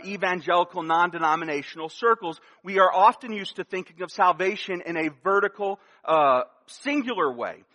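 Man, pastor preaching, earnest and emphatic, repeats key phrases, high bright voice, long church-hall reverb. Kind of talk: sermon.

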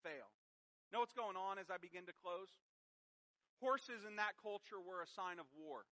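A man's voice: high-pitched, moderate pace, sharp tone, poor audio. A man preaching a sermon who reads scripture aloud and then explains it with emphatic rhetorical questions. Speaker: pastor.

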